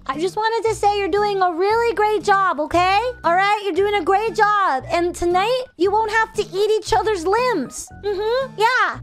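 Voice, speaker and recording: Female streamer, very high voice, crude comic ranter, faint music under her. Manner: brash, crude, comic rants to chat. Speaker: VTuber streamer. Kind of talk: live game stream commentary.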